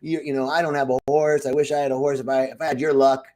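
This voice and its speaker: A man's voice: medium pitch, flat delivery, quick pace, mellow, lightly acted. A man doing a nosy, gushing neighbor. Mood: gossipy. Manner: gushing, chatty. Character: nosy gossiping male neighbor.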